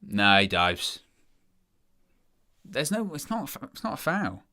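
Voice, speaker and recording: A man's voice: medium pitch, huge pitch swings, slow pace, pushed and bright. A man giving live watchalong commentary as a fan presenter, exasperated and sarcastic about his team's play.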